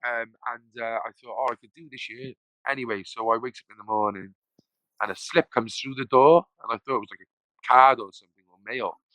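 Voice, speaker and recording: A man's voice: medium pitch, a little fast, bright, forceful tone, no room sound, low-quality recording. A man, a podcast guest telling his story casually, rambling, swearing freely and acting out the voices of people he quotes.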